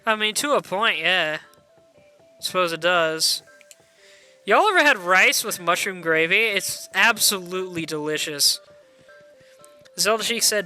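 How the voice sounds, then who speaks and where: Man, gaming streamer, casual live commentary, wry and chatty, bright tone, faint music. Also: high voice, animated, a little slow, pauses often, clean tone. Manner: chatty, wry, reads chat aloud.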